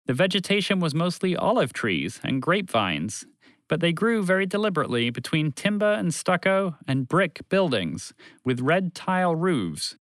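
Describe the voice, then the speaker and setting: Male storyteller, lively, higher voice, dry close recording. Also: moderate pace, no room sound. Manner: animated, expressive reading. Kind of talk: scripted children's story narration.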